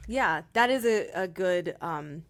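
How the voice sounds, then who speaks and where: A woman's voice: on the low side, expressive, slow. Laughing, upbeat woman co-host. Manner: laughs often, playful and upbeat. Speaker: podcast co-host. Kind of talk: casual chat.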